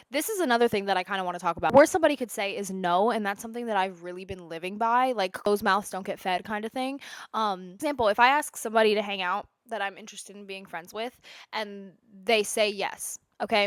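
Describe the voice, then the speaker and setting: A woman's voice: medium pitch, fairly bright tone, no echo. A woman in her twenties talking casually at home in a sit-down vlog, chatty and rambling, jumping from one tangent to the next. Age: 20s. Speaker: lifestyle creator.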